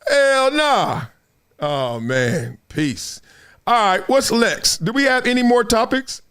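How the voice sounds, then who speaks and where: A man's voice: sits high, big pitch swings, takes it slowly, a bit bright, smooth. A male show host chatting casually on a livestream, telling stories with lots of laughter and acting out other people's lines.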